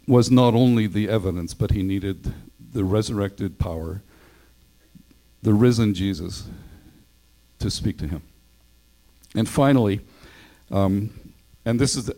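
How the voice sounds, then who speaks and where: Man, pastor, sermon, conversational, low pitch, dark warm tone. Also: low-quality recording. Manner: conversational, acts out quoted voices.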